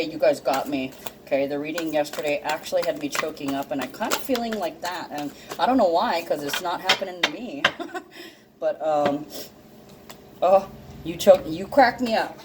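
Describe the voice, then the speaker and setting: A woman's voice: low voice, background noise. A woman giving a casual tarot card reading to her viewers, emotional and teary, laughing often and swearing freely. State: teary and sniffling. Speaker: intuitive card reader.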